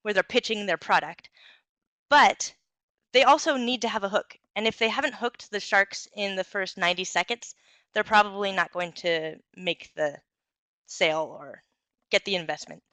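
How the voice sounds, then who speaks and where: A young woman giving an instructional talk on communication skills, clear and encouraging, with occasional fillers. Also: mid-range voice, normal speed, pushed and bright, dry recording.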